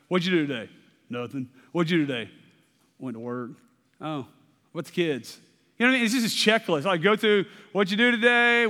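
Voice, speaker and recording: High-voiced male pastor in a hall. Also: a bit bright. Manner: conversational, repeats "okay?" often, restarts words. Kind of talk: sermon. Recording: long hall reverb.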